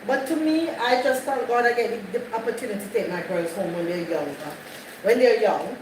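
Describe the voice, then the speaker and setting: A woman's voice: medium pitch, fairly quick, far from the mic. A woman hosting a live stream, chatting casually with viewers, greeting them by name and repeating herself. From Jamaica. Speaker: livestream host. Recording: echoey, off-mic, noisy background.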